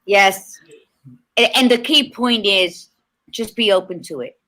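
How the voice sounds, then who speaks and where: A woman co-hosting a podcast over a video call from a hotel room, telling stories in animated casual chat with the odd swear. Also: mid-range voice, unhurried. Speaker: podcast co-host.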